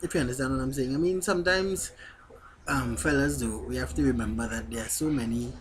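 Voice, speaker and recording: A man's voice: mid-range voice, brisk. A man vlogging in a blunt, candid way, speaking straight to his viewers. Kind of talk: casual talk to camera.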